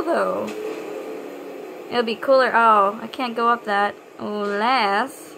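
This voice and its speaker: A young woman chatting excitedly to herself while playing a video game. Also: fairly high pitch, takes it slowly, vocal fry. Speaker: gamer. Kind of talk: gameplay commentary. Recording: noisy game audio behind.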